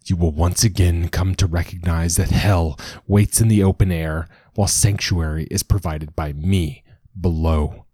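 A man's voice: low voice, steady tone, measured pace, husky, no echo, clean studio sound. Man doing a furious zealous old father. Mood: cold commanding. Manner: shouting, commanding.

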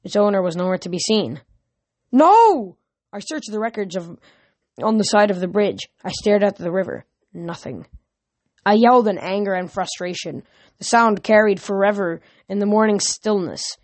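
Woman reading a book out loud, trips on words a lot, dry close sound. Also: mid-range voice, normal speed, no echo. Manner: stumbles and restarts words often. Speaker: reader. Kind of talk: casual read-aloud of a novel.

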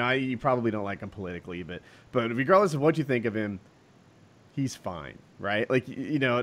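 A man talking in a casual podcast chat, telling stories animatedly and acting out quotes. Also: medium pitch. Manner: animated storyteller, acts out quotes, laughs often.

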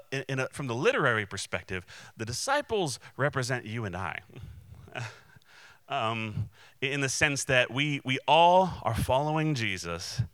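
A man preaching a sermon in an easy, conversational way, often restarting his sentences and briefly acting out the voices in the story. His voice is bright and clear, a little low in pitch. The sound is dry and close. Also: dry recording. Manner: conversational, many restarts and fillers; acts out quoted voices. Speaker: pastor.

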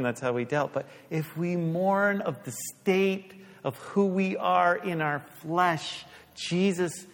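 A man preaches slowly and deliberately, his voice sitting a little high. He rises to exhort and drops low to stress a point, asking his listeners questions. A long reverb trails after him in the church hall. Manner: emphatic, rising to exhort, dropping low for stress; asks the congregation questions. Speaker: pastor. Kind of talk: sermon.

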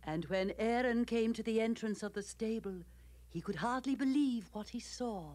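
A woman narrating a 1960s animated Christmas film in a calm, reverent reading voice. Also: fairly high pitch, normal speed, dry recording. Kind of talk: scripted storybook narration. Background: music.

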